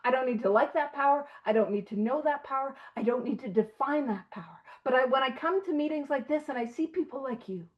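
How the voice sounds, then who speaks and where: Woman, high voice, earnest and emphatic study leader, slightly muffled call audio. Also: brisk, few pauses. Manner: earnest and emphatic, with asides and laughs. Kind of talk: conversational study talk. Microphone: video call.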